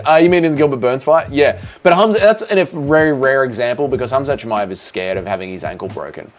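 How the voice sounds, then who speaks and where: A man's voice: medium pitch, lively intonation, fairly quick. An Australian man hosting a livestream Q&A, reading chat in a crude, casual way with lots of swearing. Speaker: streamer host.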